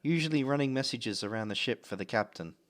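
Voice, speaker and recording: A man narrating a tabletop game as game master, lively and animated. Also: medium pitch, fast talker.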